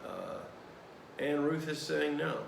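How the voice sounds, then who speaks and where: Male Bible study leader, drowsy, gravelly, reads scripture with commentary, echoey room. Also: fairly high pitch, animated, noisy background. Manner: measured reading broken by "uh" fillers. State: drowsy, yawning. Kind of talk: reading scripture aloud with commentary.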